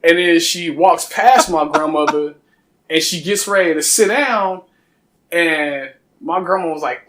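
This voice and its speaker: A man telling funny stories as a guest on a casual talk show, animated and laughing often. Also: on the high side, measured pace. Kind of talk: casual podcast storytelling.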